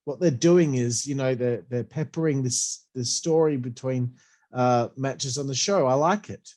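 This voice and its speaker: A man's voice: mid-range voice, unhurried, darkish tone. A man with a runny nose giving a blunt, profane, ranting review of a wrestling show. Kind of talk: casual opinionated review.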